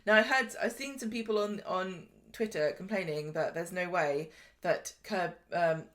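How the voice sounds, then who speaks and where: A woman's voice: fairly low pitch, moderate pace, a bit bright. A woman hosting a podcast, recapping a soap in chatty, joking talk. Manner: chatty, jokey, acts out characters' lines. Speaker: podcast host. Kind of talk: casual soap recap chat.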